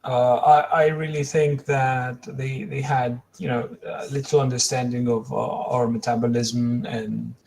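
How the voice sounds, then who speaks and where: Slow, halting man in chat. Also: medium pitch, level tone, gravelly, a little mellow. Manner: halting, full of pauses and fillers. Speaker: player. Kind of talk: casual podcast chat.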